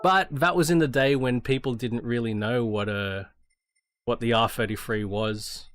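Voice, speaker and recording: A man's voice: mid-range voice, fairly even intonation, normal speed, fairly bright tone. A middle-aged Australian man telling a story in casual chat as a sim racing streamer, swearing freely and restarting his sentences often. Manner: profane, rambling, with frequent restarts. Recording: noticeable background noise.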